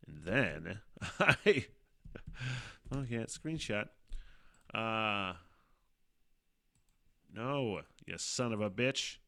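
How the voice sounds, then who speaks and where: A middle-aged man hosting a casual solo podcast, rambling and swearing often, animated, with frequent laughs. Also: on the low side, drawn-out words, pauses often. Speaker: podcast host.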